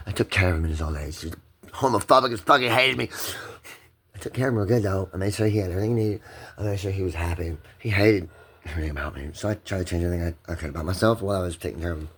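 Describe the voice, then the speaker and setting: A middle-aged vlogger talks very fast in a low, slightly rough voice, recorded on a handheld phone. Emotional and shaky, he stumbles through a personal rant, rambling and repeating himself.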